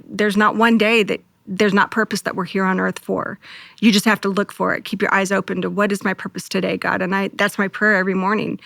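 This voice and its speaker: Gravelly-voiced woman sharing a heartfelt testimony. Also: mid-range voice, a bit bright, no room sound. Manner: earnest, heartfelt storytelling with quoted prayers. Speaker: co-pastor and guest. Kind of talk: emotional personal testimony.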